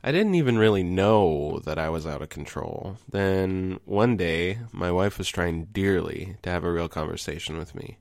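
A man's voice: sits low, normal speed, vocal fry, hardly any pauses, a little mellow, no echo. A man in a comedy sketch telling an earnest, confessional story to a support group.

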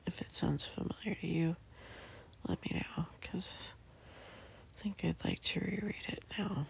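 A sleepy person just woken up, speaking in a soft, hesitant whisper from bed. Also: mid-range voice, unhurried, creaky, breathy edge, poor audio. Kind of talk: whispered casual monologue. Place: in bed, indoors.

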